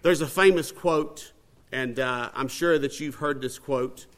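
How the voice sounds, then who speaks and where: A man's voice: mid-range voice, a little slow, a bit bright. Folksy man telling a sermon story. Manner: folksy, conversational, acts out dialogue. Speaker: speaker at a religious gathering.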